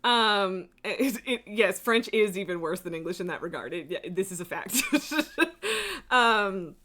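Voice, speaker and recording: Bright-voiced woman rambling on a live stream. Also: mid-range voice, moderate pace. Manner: rambling, laughing, swears freely. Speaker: livestreamer. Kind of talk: casual live-stream chat.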